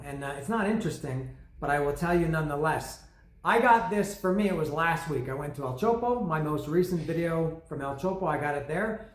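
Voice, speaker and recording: A man's voice: sits high, fairly bright tone. A man hosting an album review show, telling a long story in a rambling, self-mocking way with many asides. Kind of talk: casual rambling monologue. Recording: echoey room.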